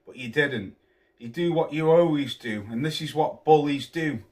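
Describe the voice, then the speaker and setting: A man's voice: fairly high pitch, moderate pace, darkish tone. A man ranting to camera as a boxing vlogger, scornful and full of swearing and name-calling. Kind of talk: angry rant to camera.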